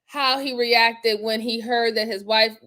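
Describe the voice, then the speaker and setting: A woman's voice: a little high, fairly even intonation, unhurried, sharp tone. A woman hosting a crime review, talking in a casual, slangy and blunt way. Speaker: host reviewing crime footage. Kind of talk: casual commentary.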